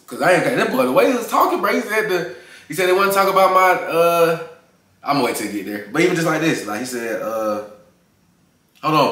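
A man hosting a music reaction video, chatting in a hyped, excited way and talking over the track. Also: mid-range voice, far from the mic. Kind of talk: casual music reaction commentary. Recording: echoey room with music playing.

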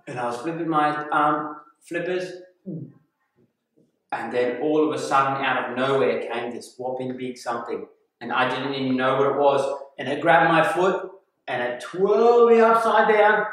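Reading a story to small children, a kindergarten teacher acts out gasps and character voices with lots of animation. His voice is a little high and at normal speed, captured far off in an echoey room.

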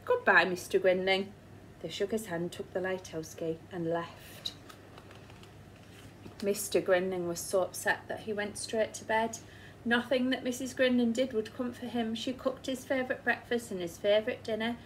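A woman teacher with an English accent reads a picture book aloud to children, stopping along the way to ask them questions. Her voice is fairly high, with fairly even intonation at a moderate pace, and the rough recording carries slight background noise.

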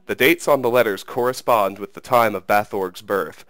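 A man's voice: lowish voice, normal speed, fairly bright tone, dry recording, lightly acted. A man reading aloud who voices an aging, grief-stricken king in a sad, heavy delivery. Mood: grieving.

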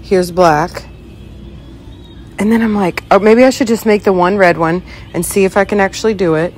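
A woman, talking casually and excitedly to her phone camera as she shops in a fabric store. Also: medium pitch, normal speed, a little hiss or hum. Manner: chatty, excitable, says "y'all" and "freaking". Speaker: vlogger. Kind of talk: casual vlog narration. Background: background music.

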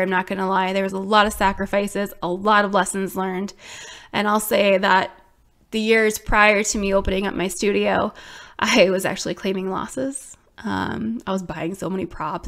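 A woman in her thirties, a small business owner, telling viewers her own story in an animated, exclamatory way, full of "like". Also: medium pitch. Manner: animated, exclamatory, many fillers like "like".

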